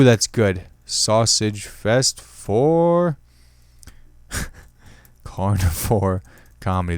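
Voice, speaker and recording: Young man, comedy podcast host, rambling jokey talk, smooth clear voice, dry close sound. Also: lowish voice, no room sound. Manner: rambling, self-amused, jokey. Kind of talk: solo comedy podcast chat.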